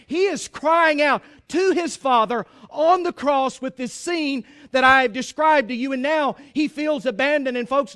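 A man preaching a sermon in an emphatic, pleading way, at times rising to a shout. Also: very high voice.

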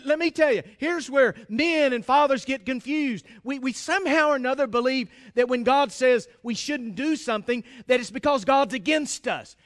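An American pastor with an unusually high, slightly bright voice for a man preaches a sermon from the pulpit. He speaks emphatically and directly to the congregation, stumbling, repeating and restarting phrases as he drives each point home.

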